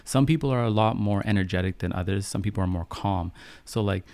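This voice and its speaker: Calm low-voiced man, gravelly. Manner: calm, soft-spoken, unhurried. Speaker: podcast host on a live stream. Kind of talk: casual live-stream chat, answering viewer questions.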